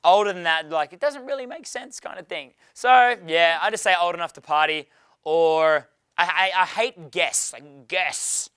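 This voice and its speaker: A man's voice: high-pitched, normal speed, bright, forceful tone, clear, resonant tone, no room sound. A young man running a dating seminar Q&A, brash and profane, laughing often. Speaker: dating coach. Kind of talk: live seminar Q&A.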